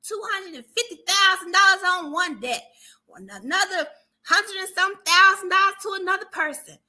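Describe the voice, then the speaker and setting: A woman speaking as a dating coach in casual advice talk, animated and preachy, punctuating points with "okay?". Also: very high voice, normal speed.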